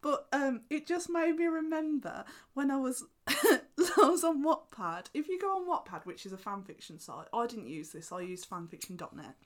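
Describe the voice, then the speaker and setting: A woman's voice: high voice, lively intonation, normal speed, hardly any pauses. A young woman chatting casually on a podcast, giggling often and acting out quotes in little voices. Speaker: podcast co-host. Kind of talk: casual chat.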